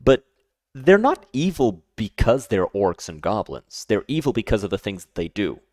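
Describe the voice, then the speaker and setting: A man with a lowish voice talks through a reaction in a casual, emphatic way. He piles up repeated words and restarts his sentences as he argues. The sound is close and dry, with no room around it. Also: sing-song, moderate pace, darkish tone, no room sound. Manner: emphatic, repeats himself, stammers restarts when worked up. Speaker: streamer reacting to a video.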